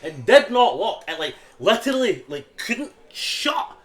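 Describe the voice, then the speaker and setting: A Scottish man telling a story in casual pub chat, animated and sweary, laughing often. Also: sits high, a little slow. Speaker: podcast co-host. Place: busy pub.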